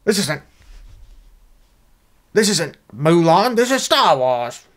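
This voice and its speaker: A man's voice: on the high side, big pitch swings, slow, a bit bright, voice pushed up, heavily acted. A man voicing a whiny, mock-indignant young male fan in a raised, nasal-sounding put-on voice.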